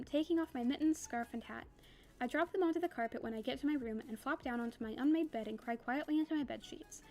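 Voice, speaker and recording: Young woman reader, slightly high voice, plain novel reading with casual asides. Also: a little mellow. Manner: reads plainly, breaks off for chatty, laughing asides.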